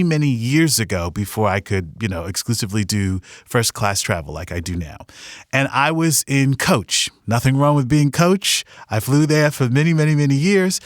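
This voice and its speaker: On a studio microphone with no echo, a podcast host gives an earnest, upbeat motivational talk, sharing a story from his past. His voice is medium in pitch.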